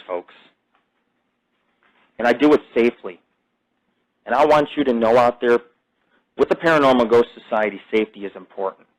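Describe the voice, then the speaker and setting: A man's voice: medium pitch, rough recording. Rambling, profane male podcast host. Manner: profane, rambling, jumps between topics. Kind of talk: rambling casual monologue.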